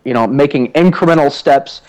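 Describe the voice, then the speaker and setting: A man's voice: mid-range voice, moderate pace, rough recording. A young man co-hosting a podcast, telling self-deprecating stories in a rambling way with lots of fillers. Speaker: podcast co-host. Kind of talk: casual chat.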